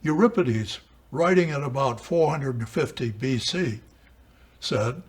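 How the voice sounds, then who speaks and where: A man reading a lesson on composition aloud in a measured, deliberate way. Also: medium pitch, expressive, slightly rough. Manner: measured, deliberate, with dramatic emphasis on quotations. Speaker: writing teacher. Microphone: camera mic.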